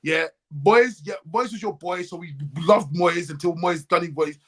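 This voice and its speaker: A man's voice: sits high, normal speed. A man co-hosting a football podcast, ranting in heated casual chat and mimicking other fans. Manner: animated and ranting, mimics other fans' voices. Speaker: co-host.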